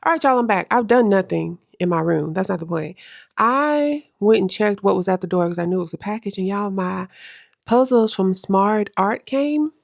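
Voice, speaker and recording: A woman's voice: mid-range voice, animated, normal speed, vocal fry, dry recording. A young adult woman vlogging at home, talking to the camera in a casual, emphatic way and repeating phrases for effect. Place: at home in her room.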